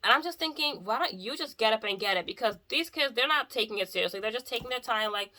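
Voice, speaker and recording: Talking fast in a sharp, slightly high voice, a woman who does mobile hairstyling vents about a client in a casual storytime vlog. Her manner is chatty and exasperated, with "like" in nearly every sentence.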